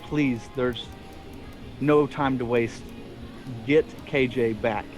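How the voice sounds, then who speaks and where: A man voicing a grieving young woman in a tabletop game, speaking low, quiet and earnest. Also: fairly even intonation, slow, faint music behind, close to an everyday voice. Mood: pleading.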